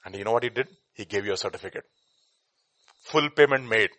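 A man preaching an animated sermon, acting out scenes and shifting between loud outbursts and quiet asides. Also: on the low side, brisk, no room sound. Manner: dramatic, acts out scenes with shouted voices.

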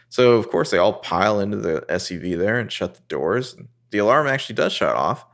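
A man co-hosting a casual podcast, recapping a TV episode and quoting the characters in excited voices. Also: brisk. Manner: animated, jumps into high voices quoting characters.

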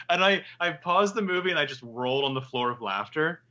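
A man co-hosting a podcast, chatting about a movie in halting stops and starts. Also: on the high side, expressive, sharp tone. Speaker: podcast co-host. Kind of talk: casual movie review chat. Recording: slightly dull lo-fi audio.

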